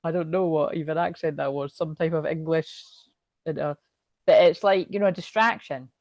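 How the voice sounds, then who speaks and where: A woman giving a casual tarot reading to camera, chatty and excitable, thinking aloud and swearing freely. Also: low-pitched, normal speed, no room sound, muffled recording. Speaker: tarot reader.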